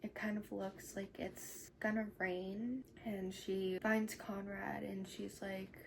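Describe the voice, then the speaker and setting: A woman's voice: medium pitch, flat delivery, slow pace, creaky, low-quality recording. A woman recapping a novel chapter by chapter in a chatty, casual way, full of "like" fillers. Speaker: book reviewer. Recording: noticeable background noise.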